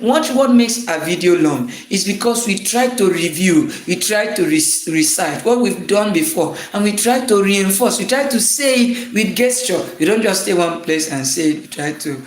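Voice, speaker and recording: A man's voice: high voice, expressive, moderate pace, hardly any pauses, reverberant. A man teaching anatomy in a motivational lecture, driving his points home with rhythmic, preacher-like repetition.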